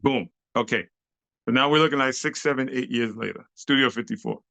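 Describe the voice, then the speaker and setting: Gravelly New man telling stories. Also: medium pitch, fairly quick, sharp tone, no echo, muffled recording. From New York City. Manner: slangy, acts out the voices of people in his story. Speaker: interview guest, club dancer. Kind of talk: animated storytelling.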